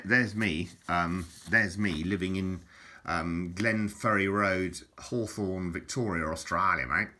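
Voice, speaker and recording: A man's voice: low-pitched, bright, forceful tone. An older man rambling through old keepsakes, chuckling often and tagging lines with "innit" and "mate". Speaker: vlogger. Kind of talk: rambling reminiscence over keepsakes.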